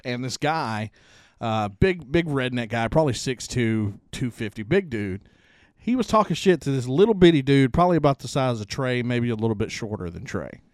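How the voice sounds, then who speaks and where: A man's voice: mid-range voice, expressive, normal speed, no room sound, studio quality. A man, hosting a podcast and telling profane, laughing stories in casual chat. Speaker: podcast host.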